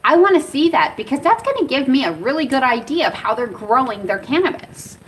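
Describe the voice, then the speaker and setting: A woman's voice: sits high, big pitch swings, a little fast, far from the mic, a little hiss or hum, rough recording. An American woman talking casually in a rambling way as she reviews cannabis products outdoors. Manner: chatty, rambling, easily startled. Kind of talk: casual vlog talk. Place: outdoors in Arizona.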